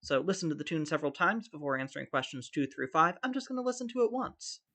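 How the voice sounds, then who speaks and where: A man's voice: fairly high pitch, lively intonation, fast talker, bright, forceful tone. A man teaching a recorded music theory lesson, talking through each step and singing rhythms on syllables. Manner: thinks aloud, sings rhythms on syllables.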